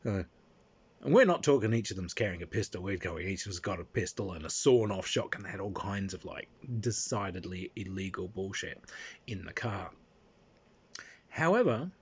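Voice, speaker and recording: A man's voice: lowish voice, breathy edge. A man telling a casual spoken anecdote, rambling along with fillers and restarts. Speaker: storyteller. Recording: dull lo-fi recording.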